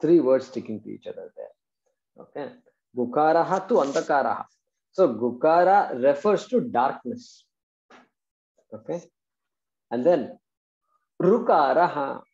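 A male teacher patiently explains Sanskrit verses, often pausing to check that his students follow. His voice is gravelly and mellow. The recording is dull and echoes like a classroom. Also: mid-range voice, very animated. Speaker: Vedanta teacher.

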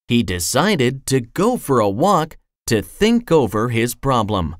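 A storyteller reading a children's storybook aloud in a slow, expressive way. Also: mid-range voice, dry recording, clean studio sound. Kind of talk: scripted storybook narration.

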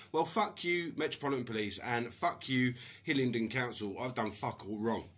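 A middle-aged man rants furiously to the camera, swearing hard. His voice is sharp and forceful, and he slips into mocking put-on voices as he goes. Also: medium pitch, moderate pace, hardly any pauses. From England. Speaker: vlogger. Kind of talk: angry personal rant to camera.

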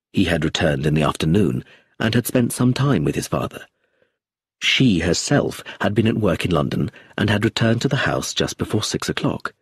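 A man with a husky voice narrating an audiobook in an expressive, measured reading. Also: low voice, dry recording, studio quality.

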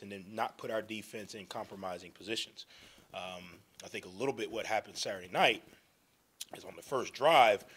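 Football coach guy at a presser, bright kinda low voice, lots of ums and throat clearing. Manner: explanatory, many ums, repeats phrases. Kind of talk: press conference answers. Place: press conference room.

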